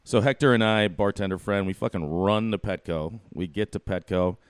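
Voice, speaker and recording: Man, very low voice, dry close sound, animated storytelling, swears a lot. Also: normal speed, smooth, no echo. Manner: animated, swearing, acts out quotes. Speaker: bartender and podcast guest. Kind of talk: casual storytelling.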